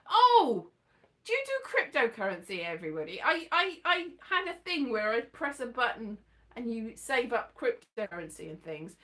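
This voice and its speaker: A woman's voice: a little high, sing-song, a little slow, a bit bright. A woman rambling through a casual monologue, chatty and digressive with playful asides. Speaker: vlogger.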